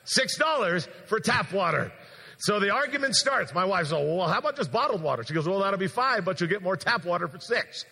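A man pastor delivers a sermon as an animated story, acting out the quoted lines himself. His voice sits high and bright with a gravelly rasp. The sound carries a long reverb from a large church hall. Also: fast talker, few pauses. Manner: animated anecdote with acted-out quotes.

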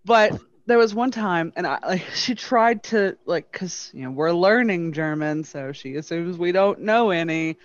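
A man chatting casually, telling an energetic story. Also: sits high, measured pace, few pauses, no echo. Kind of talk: casual chat. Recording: dull dry lo-fi.

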